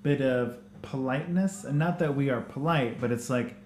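A man from the United States with an American accent, hosting a casual conversation, chatty and animated in telling stories. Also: mid-range voice, moderate pace, echoey room, a little hiss or hum. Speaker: host. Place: upstairs kitchen of a hostel.

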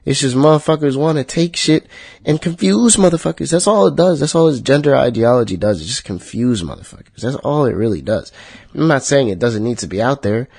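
A man hosting a solo podcast, talking in a profane, heated rant that jumps high and loud when he gets worked up. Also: animated, brisk, gravelly, breathy edge, no echo. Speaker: podcast host.

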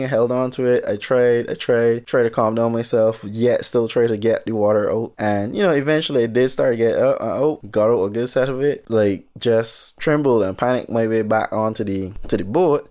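Man, casual storyteller, mid-range pitch, slangy and animated, acts out the dialogue. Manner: animated, acts out quoted lines in a raised voice; relaxed slangy delivery with frequent restarts. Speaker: vlogger telling a personal story.

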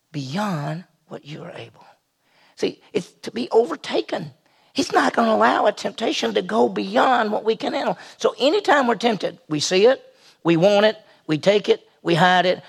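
A man's voice: sits high, creaky, husky. A man who is a senior pastor, preaching a conversational sermon and acting out the people he quotes.

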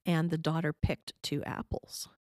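A woman's voice: deep voice, little pitch movement, a little slow, a little mellow, dry recording, clean studio sound. A middle-aged woman giving parenting advice as an interview guest, patient and explanatory, often checking in with the listener.

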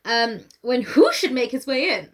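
A young woman chats about a book she's reading, her voice bouncing up and down with laughter. She talks in a lively, sweary way and keeps slipping into silly put-on voices. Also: high-pitched, moderate pace. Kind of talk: casual chat recapping a book.

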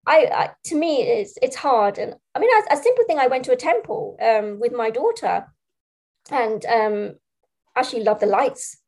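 A woman's voice: fairly high pitch, animated, normal speed, a little mellow. A middle-aged woman, a speech practitioner and parent, talking earnestly in an interview, often repeating words and saying "you know". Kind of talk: conversational interview.

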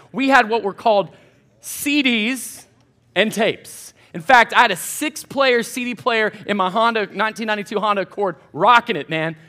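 A man preaching to college students in a church, his voice sitting high for a man. He tells stories in a loose, chatty way and speaks right to the listeners. It sounds like a relaxed sermon. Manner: chatty, animated anecdotes addressing the crowd directly. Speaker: college pastor. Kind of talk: casual storytelling sermon.

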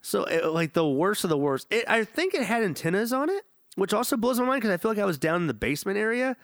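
A young man rattles off a profane, rambling story at high speed, his voice bouncing all over. He sits a little higher in pitch than most men. The sound is close and dry. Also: big pitch swings, fast talker, fairly bright tone, dry recording. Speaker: podcast co-host. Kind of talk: casual chat.

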